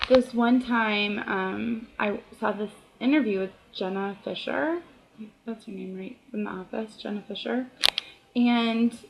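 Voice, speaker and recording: A woman's voice: medium pitch, gravelly, rough recording. A tired woman in her thirties, chatting casually at home in a rambling, self-deprecating vlog. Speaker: author vlogger. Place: home, indoors.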